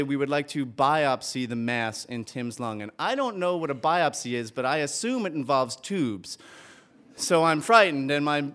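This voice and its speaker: High-voiced man telling a stage story. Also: clean tone. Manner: animated, comic, builds to heartfelt. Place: theater stage before an audience.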